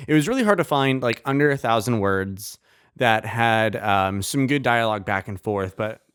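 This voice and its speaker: A man's voice: on the low side, lively intonation, normal speed, fairly bright tone, smooth. A young man co-hosting a podcast, chatting casually with jokey, playful banter. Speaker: podcast co-host.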